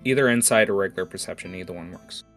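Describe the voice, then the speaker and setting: Acting as game master for a tabletop game, a man narrates in a low, fast, slightly bright voice. He rambles, restarting sentences and using plenty of fillers, with faint guitar music in the background.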